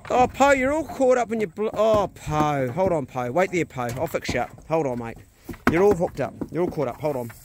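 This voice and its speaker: A man's voice: on the high side, expressive, moderate pace, background noise. A man, a farmer talking casually and bluntly to a phone camera outdoors, swearing freely. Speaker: farmer vlogger. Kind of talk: casual walk-and-talk vlog. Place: outdoors on a farm.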